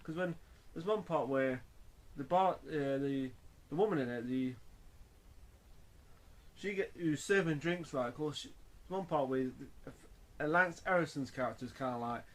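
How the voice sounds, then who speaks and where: A man's voice: a little high, measured pace, pauses often. A man reviewing a film in a casual, rambling way, full of fillers and restarts.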